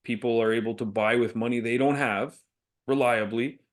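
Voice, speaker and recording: Man, podcast co-host, casual business chat, mid-pitched voice, laughs as he talks. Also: fairly even intonation, normal speed. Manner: chatty, laughs often, storytelling.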